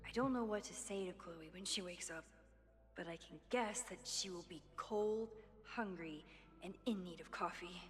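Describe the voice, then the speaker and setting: A woman's voice: fairly low pitch, moderate pace, in a large hall, faint music behind, close to an everyday voice. A woman voicing a wry young photographer. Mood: musing. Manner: quiet reflective inner monologue. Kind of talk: video game voice acting.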